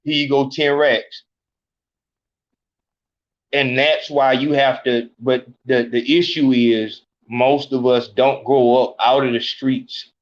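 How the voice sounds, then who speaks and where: A man hosts a podcast and delivers blunt, profane street commentary in a preachy tone. He talks slowly and deliberately at a middle pitch. The recording sounds dull and lo-fi. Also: fairly even intonation. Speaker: podcast host.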